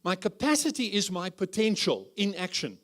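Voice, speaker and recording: A man's voice: high voice, very animated, moderate pace, fairly bright tone. A man preaching as a guest speaker at a church conference, humorous and full of rhetorical questions. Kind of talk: conference sermon.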